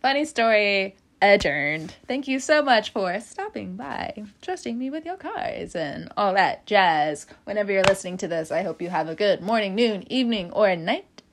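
A young woman hosting a podcast, telling a story in a casual, animated way, laughing often and acting out what other people said. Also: mid-range voice, normal speed. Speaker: podcast host.

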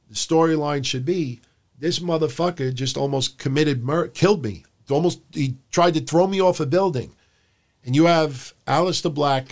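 Fields: Sex: man. Role: podcast co-host. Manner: blunt, profane, sarcastic. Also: mid-range voice. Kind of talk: casual opinionated podcast commentary.

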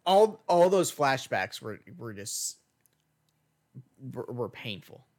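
A man's voice: mid-range voice, very animated, takes it slowly. A young man co-hosting a casual movie review podcast, easygoing and agreeable as he chats about scenes. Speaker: podcast co-host.

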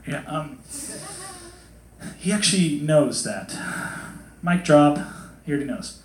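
A man preaching a casual sermon to a congregation in a hot hall, chatty and animated, acting out quotes in different voices. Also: fairly high pitch, normal speed, pauses often. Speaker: pastor. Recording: echoey hall.

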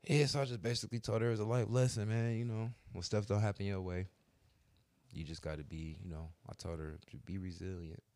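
A man's voice: lowish voice, fairly even intonation, a little fast, a little mellow, no room sound. A middle-aged man telling stories in casual, slangy, profane chat. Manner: laid-back storytelling, slangy and profane.

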